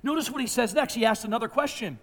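A man delivers a sermon in a notably high voice. He preaches emphatically, dropping to hushed tones and then rising to near-shouting. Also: fast. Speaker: pastor.

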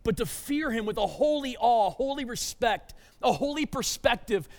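High-voiced preacher in an echoing hall. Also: male voice, animated, normal speed, creaky. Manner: emphatic, swings between loud urgency and hushed tones; repeats words when restarting. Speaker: pastor. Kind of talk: sermon.

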